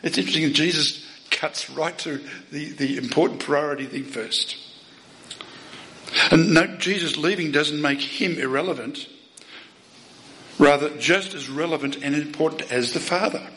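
Man, preacher, sermon, forceful, emphatic, rhetorical questions, loud then soft. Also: a little high, normal speed, a little hiss or hum, low-quality recording. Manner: asks the listeners rhetorical questions.

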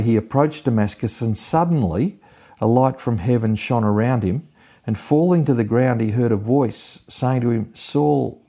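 A man giving an expository Bible teaching, retelling scripture in a measured, explanatory way. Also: medium pitch, dark tone.

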